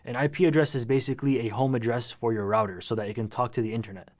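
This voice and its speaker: Brief: male YouTuber, mid-pitched, slangy and dramatic storytelling. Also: steady tone, fast. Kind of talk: casual vlog storytelling.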